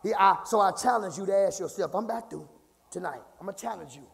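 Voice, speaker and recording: A man preaching an impassioned sermon, swinging from low murmurs to shouts, repeating phrases and calling out to the congregation. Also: lively intonation, fast talker, creaky, husky. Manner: call-and-response, repeats phrases. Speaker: pastor. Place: church sanctuary. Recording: reverberant church hall.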